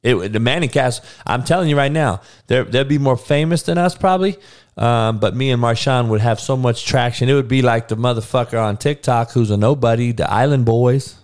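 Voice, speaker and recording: A man's voice: mid-range voice, a little fast, a little mellow. A man hosting a podcast, ranting casually and profanely to his audience with frequent laughing asides. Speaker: podcast host.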